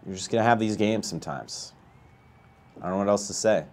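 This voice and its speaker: A man playing a baseball video game live, chatting with viewers and ranting with a voice that climbs high when he gets outraged. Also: a little fast, darkish tone. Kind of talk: live gameplay commentary and chat.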